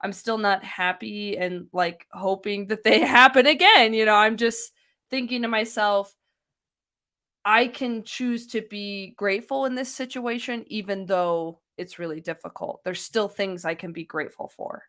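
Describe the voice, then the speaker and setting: A woman's voice: mid-range voice, a little slow, pushed and bright. A woman co-hosting a casual talk, speaking in an earnest, reflective way with some hedging. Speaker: co-host. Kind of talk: casual discussion.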